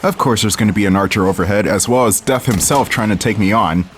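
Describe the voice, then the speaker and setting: A young man with a lowish voice chats casually over his gameplay, dry and wry, talking to viewers as he goes. A faint hiss of background noise sits under the recording. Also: fast. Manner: laid-back, wry, talks to the viewer while playing. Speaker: gaming channel host. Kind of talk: casual let's-play commentary.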